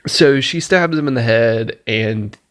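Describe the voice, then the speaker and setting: Male reviewer, mid pitch, loose and profane, excitable and laughing at what he retells. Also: measured pace. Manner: rambling, profane, enthusiastic, laughs at his own retelling. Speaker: movie reviewer. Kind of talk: casual spoken movie review.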